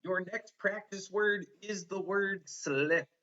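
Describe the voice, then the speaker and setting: A male teacher talks slowly and patiently, breaking words into sounds and praising his student. His voice is bright. The recording is dull and lo-fi. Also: high voice. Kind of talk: one-on-one spelling lesson.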